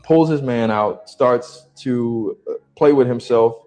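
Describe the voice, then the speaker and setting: A man's voice: mid-range voice, slow pace, a little mellow. A man retelling a personal story in a vivid, blunt and uneasy way.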